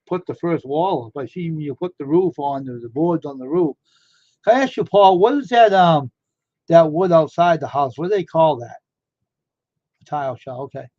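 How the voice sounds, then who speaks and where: In a relaxed live-stream chat, a man with a fairly high, mellow voice rambles along in amazement and keeps firing off questions. It's a dry recording with a dull, lo-fi quality.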